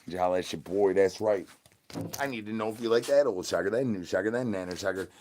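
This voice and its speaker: A man's voice: fairly low pitch, fast talker, darkish tone, a little hiss or hum, lightly acted. A man voicing a starving, crude male zombie who streams to his chat, rambling in slang and repeating his begging catchphrases. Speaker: livestream entertainer. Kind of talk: in-character livestream comedy.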